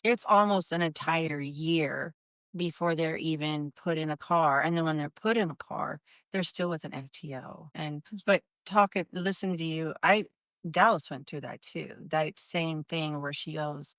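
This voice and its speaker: A woman's voice: low voice, a little slow, a bit bright, no echo, studio quality. A woman talking in a matter-of-fact, reflective way in a casual conversation. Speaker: podcast host, mother of a deputy.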